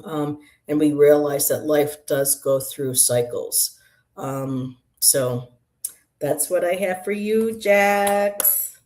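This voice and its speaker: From an apartment room, a woman hosts a casual livestream as a tarot reader, doing card readings, chatting with viewers by name, rambling and laughing often. Her voice sits low, with a darkish tone, and she speaks slowly.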